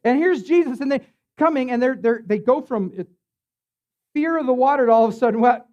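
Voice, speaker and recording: A man's voice: very high-pitched, a little fast, darkish tone, highs cut off. A man preaching as a pastor in a church, in a loose, conversational way, full of fillers and tag questions. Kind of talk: sermon.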